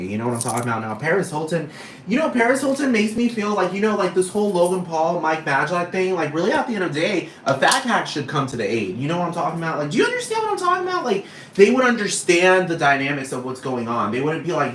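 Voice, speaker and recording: A man's voice: fairly high pitch, sing-song, fast, a bit bright, a little hiss or hum. Rambling, profane man ranting alone. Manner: rambling, profane, keeps asking "you know what I'm talking about". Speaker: podcast host. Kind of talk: casual solo rant. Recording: echoey outdoor recording with crickets.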